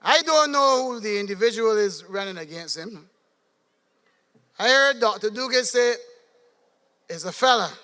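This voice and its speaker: A Barbadian man from Barbados giving a measured, pointed political rally speech. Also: high-pitched, animated, bright, forceful tone, big-room sound. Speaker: political candidate.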